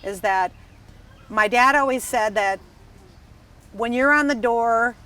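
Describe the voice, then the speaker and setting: A woman from Wisconsin, a restaurant dining room manager, telling stories in a lively, emphatic casual chat. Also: fairly high pitch, slow. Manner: animated, emphatic storyteller. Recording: slightly distant mic, faint background noise.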